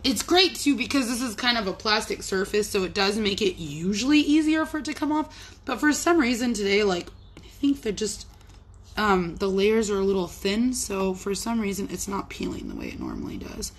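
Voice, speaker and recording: A woman's voice: medium pitch, very animated, normal speed. A young woman chatting casually as she works on art during a live stream, rambling and playful, often talking to herself. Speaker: artist livestreaming. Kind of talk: casual chat while working.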